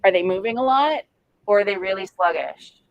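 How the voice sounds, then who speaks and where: A woman giving an informal training talk to volunteers. Her voice sits at an ordinary mid pitch. She speaks frankly and chattily, with plenty of lively asides. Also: fairly quick, muffled recording.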